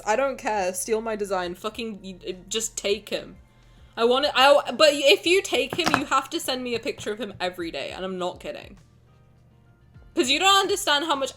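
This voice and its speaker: Bubbly, lively-voiced woman streamer. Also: on the high side. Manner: excitable, gushing, swears casually. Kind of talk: casual livestream chat.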